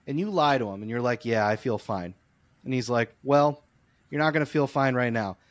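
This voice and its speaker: Animated young man with a dry voice. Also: mid-range voice, normal speed, no echo. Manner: animated, comic storytelling, rants. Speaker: podcast co-host. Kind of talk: casual chat.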